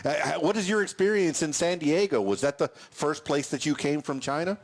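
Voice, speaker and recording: A man's voice: a little high, animated, normal speed. Rambling male podcast host. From Miami, Florida. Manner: rambling, hesitant with many restarts. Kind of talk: podcast interview.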